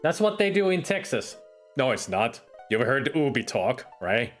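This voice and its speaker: Guy streaming a game, mid-pitch voice, rambly jokey commentary, quiet game music behind. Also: big pitch swings, measured pace. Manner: chatty, joking, rambling asides. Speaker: gameplay streamer. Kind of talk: casual gameplay commentary.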